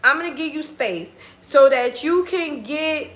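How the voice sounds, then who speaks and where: A woman's voice: high-pitched, a little slow. A woman telling a dating story in a casual vlog, blunt and profane, acting out both sides of the conversation. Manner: blunt, profane, animated retelling with quoted dialogue.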